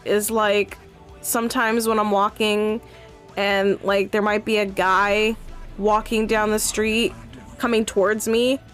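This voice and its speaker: A woman streamer chatting casually over her gameplay, breaking into excited outcries now and then. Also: fairly high pitch.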